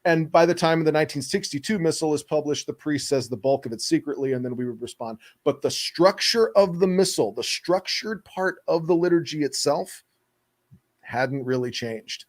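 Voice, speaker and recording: A man's voice: a little high, moderate pace. A man co-hosting a podcast, explaining things thoughtfully in casual chat. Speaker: podcast co-host.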